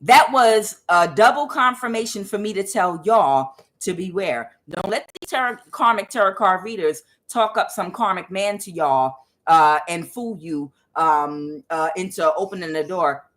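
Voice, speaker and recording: A woman's voice: on the low side, animated, a little slow, fairly bright tone, poor audio. A woman reading tarot cards, talking casually at home, rambling with many fillers. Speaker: tarot reader. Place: home with door open.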